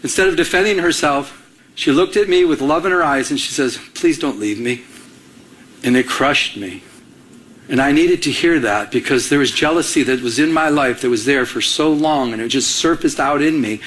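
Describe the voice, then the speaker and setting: Storytelling male pastor, fairly high voice. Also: a little fast, a bit bright. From Michigan. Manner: storytelling, acts out quoted dialogue, conversational. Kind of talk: sermon.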